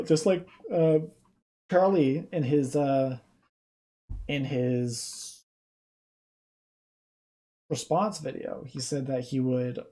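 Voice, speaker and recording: Low-energy, hesitant reaction streamer. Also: warm tone. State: subdued and tired. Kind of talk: casual reaction commentary.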